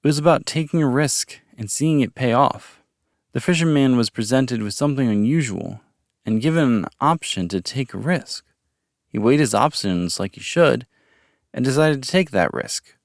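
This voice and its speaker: A man's voice: medium pitch, animated, normal speed, no echo, clean studio sound, pitched above the performer's own voice, close to an everyday voice. A man voicing an earnest young male captive who speaks carefully and sincerely as he tries to befriend his captor.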